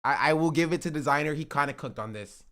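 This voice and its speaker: A man's voice: fairly high pitch, fast. A man casually commenting on a live stream, chatty and laughing often. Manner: chatty, laughs often, breaks into excited shouts. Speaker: streamer reacting to rap clips.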